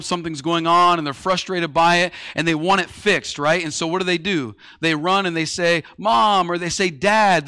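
Male pastor, high bright voice, chatty sermon with rhetorical questions. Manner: conversational preaching with everyday analogies and rhetorical questions.

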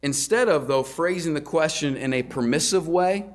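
A man's voice: a little high, moderate pace, hardly any pauses. A man preaching a sermon as a pastor, earnest and conversational, asking rhetorical questions and often restarting words. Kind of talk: sermon teaching.

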